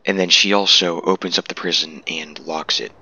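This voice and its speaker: A man's voice: low-pitched, steady tone, moderate pace, bright, forceful tone, husky. A man giving casual, laid-back commentary over a game walkthrough, amused at himself at times, on a dull lo-fi mic.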